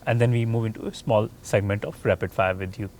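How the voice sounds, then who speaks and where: A man's voice: on the low side, fairly even intonation, fairly quick, darkish tone, a little hiss or hum. A man hosting a podcast interview, asking long, rambling questions with restarts. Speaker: podcast host.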